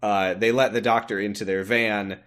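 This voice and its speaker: A man co-hosting a podcast, casually recapping a TV episode and jumping into high mocking voices when he quotes characters. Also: little pitch movement, normal speed, fairly bright tone. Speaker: podcast co-host.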